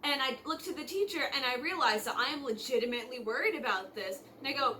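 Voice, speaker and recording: Young female vlogger, high and bright, chatty storyteller who acts out quotes. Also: fast, slight background noise. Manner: chatty, filler-heavy, acts out quotes in lively voices. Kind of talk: casual storytime monologue.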